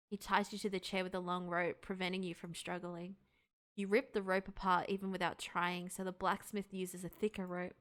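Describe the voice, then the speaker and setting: A woman's voice: fairly low pitch, a bit bright. A woman streaming a video game, reading its text aloud and reacting, swearing often and squealing when something scares her.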